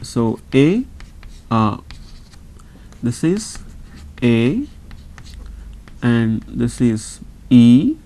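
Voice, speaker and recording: A man teaching a class, slow and patient, saying each word several times over. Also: medium pitch, big pitch swings, warm tone. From India. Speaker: language teacher.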